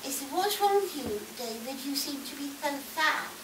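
A woman's voice: high voice, expressive, normal speed. Woman playing a giggly rambling newborn baby girl. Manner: giggly, rambling, easily sidetracked. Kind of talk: live comedy storytelling in character. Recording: echoey, distant mic, loud background noise.

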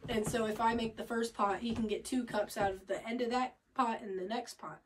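A woman's voice: on the high side, fairly even intonation, fairly quick, recorded from a distance, background noise. A woman co-hosting a podcast, telling stories in a giggly, chatty way. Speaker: podcast co-host. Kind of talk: casual couple chat.

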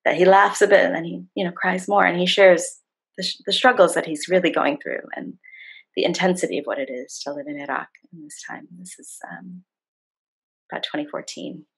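A middle-aged woman with a lowish voice, husky and a little gravelly, tells a story over a video call. She slips into the voices of the people in her story as she goes. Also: brisk, low-quality recording. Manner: warm, animated retelling with acted-out quotes. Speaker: facilitator and guest. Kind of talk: storytelling in a conversation.

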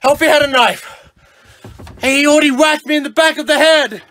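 A man, a family channel dad, shouting in panic and short of breath during a staged comedy skit at home, filmed on a handheld phone. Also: extremely high pitch, brisk. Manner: breathless, exclamatory. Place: home, indoors. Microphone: handheld phone camera.

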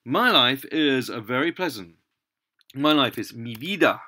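A man's voice: mid-range voice, lively intonation, a little slow, sharp tone. A man teaching a language lesson, explaining patiently while typing at a computer. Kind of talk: screen-recorded language lesson.

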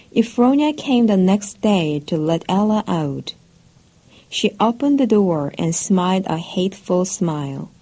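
A woman narrating a classic storybook for English learners in a clear, careful, even way. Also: medium pitch, rough recording. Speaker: audiobook narrator.

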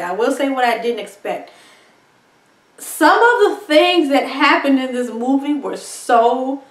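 A woman with a fairly high voice gives a loose, rambling film review, stumbling through restarts and breaking into laughter. She sits back from the mic in an echoey room. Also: far from the mic. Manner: chatty, rambling, laughs often, lots of ums and likes. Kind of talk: casual movie review monologue.

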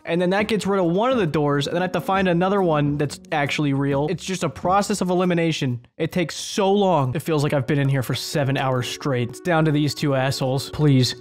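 Sarcastic young man narrating a game. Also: on the high side. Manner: sarcastic, crude, excitable. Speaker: gaming video host. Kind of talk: gameplay commentary.

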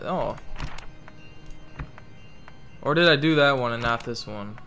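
A man's voice: mid-range voice, unhurried, pauses often, bright, forceful tone, faint music behind. A young man rambling through casual gameplay commentary, reading game text aloud mockingly, swearing freely, and talking in a joking put-on Italian-ish accent. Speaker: gaming channel host.

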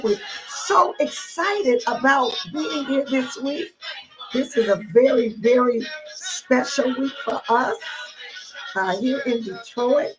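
Exuberant woman bishop, slow lo-fi stream. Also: fairly high pitch. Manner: exuberant, calls out names, laughs often. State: teary and emotional. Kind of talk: livestream greeting to online congregation. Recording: dull lo-fi audio with music behind.

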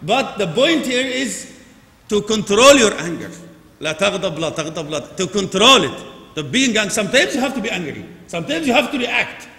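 A man giving a Friday sermon in English, rising to loud emphasis and dropping to quiet asides, recorded in a large mosque hall. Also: high-pitched, very animated, normal speed. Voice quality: non-native English with Arabic phrases. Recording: echoey mosque hall with long reverb.

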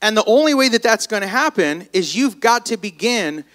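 A man's voice: high voice, moderate pace. A man giving a motivational speech at a live event, telling stories with energy and calling on the crowd to respond. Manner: energetic, storytelling, calls on the crowd. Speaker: motivational business speaker.

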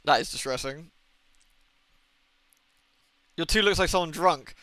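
A man's voice: on the high side, measured pace, bright, forceful tone, slight background noise. A young man streaming a game live, rambling to chat with lots of swearing and exasperated asides. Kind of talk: casual live-stream chat while gaming.

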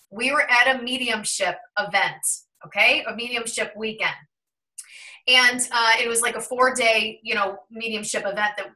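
Chatting casually on a call, a thirty-something tarot and numerology channel host from Ohio recounts something that happened to her, voicing the quoted remarks as she goes. Her voice is fairly high, bright, and sharp, and she seems a bit far from the mic.

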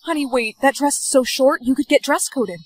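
Woman as a worried mom, fussy, soft anxious voice, slightly high, comedy skit. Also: brisk, rough recording.

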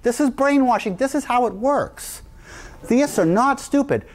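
A man's voice: extremely high pitch, animated, unhurried. A middle-aged man from New Jersey giving a public talk to a live audience, emphatic and repetitive as he hammers his points home. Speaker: guest speaker.

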